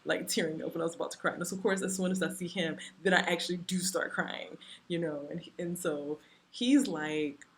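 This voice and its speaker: A woman with a low-pitched voice tells a personal story to her vlog camera. She talks casually and animatedly, leaning on "you know" and "like" as she goes. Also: brisk. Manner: chatty, animated retelling full of "you know" and "like". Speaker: vlogger.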